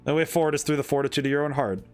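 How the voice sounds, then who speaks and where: A man reading aloud the lines of an earnest young female fortune teller from a game, in a calm and sincere tone. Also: on the high side, racing, faint music behind, natural voice. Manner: reads the dialogue aloud in his own voice, calm and sincere.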